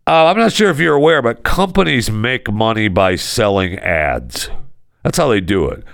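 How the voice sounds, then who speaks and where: A man's voice: fairly low pitch, big pitch swings, moderate pace, creaky, a bit bright, no room sound, clean studio sound. A man co-hosting a casual comedy podcast, ranting sarcastically and in exasperation. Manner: sarcastic, exasperated, swings into mock voices. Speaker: podcast co-host. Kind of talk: casual comedic talk-show rant.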